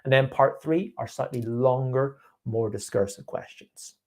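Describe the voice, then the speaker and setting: A man's voice: mid-range voice, steady tone, measured pace. A man teaching an IELTS speaking class live online, giving a student encouraging tips over a video call. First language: English. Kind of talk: live online coaching session.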